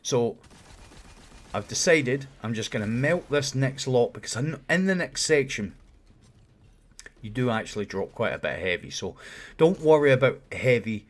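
A man talking viewers through a game run in a casual, explanatory commentary voice-over. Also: mid-range voice. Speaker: video game guide creator.

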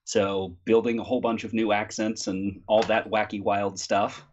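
A man chatting casually as a guest voice actor, relaxed and rambling, with many ums and uhs, from a home recording room. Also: on the low side, normal speed, highs cut off, a little hiss or hum. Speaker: guest voice actor and audiobook narrator. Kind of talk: casual chat. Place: home recording room, not studio quality.

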